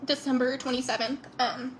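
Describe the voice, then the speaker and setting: A tearful woman telling her sister's story to camera, halting with many pauses and apologies while crying. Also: sits high, flat delivery, slight background noise. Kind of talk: emotional social-media storytelling.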